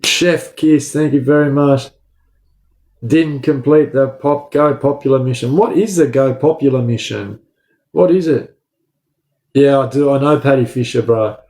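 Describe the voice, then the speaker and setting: A man with an Australian accent, chatting casually on a livestream, answering viewer comments in relaxed slang. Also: medium pitch, unhurried, roomy sound. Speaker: livestream host. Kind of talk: casual live chat reading comments.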